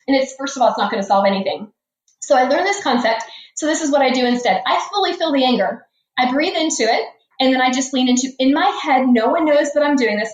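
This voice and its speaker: A woman in her forties, a guest financial coach, telling personal stories in an earnest way and repeating key phrases for emphasis. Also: sits high. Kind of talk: podcast interview storytelling. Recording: echoey room, dull lo-fi sound.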